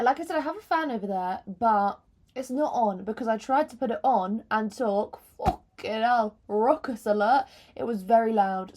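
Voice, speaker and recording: A young woman in her twenties chats to camera from her bedroom floor, her voice sitting a little high. She rambles, mocks herself and swears freely as she talks about a book. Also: a little mellow. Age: 20s. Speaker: book vlogger. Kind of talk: casual chat to camera. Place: bedroom floor, hot room.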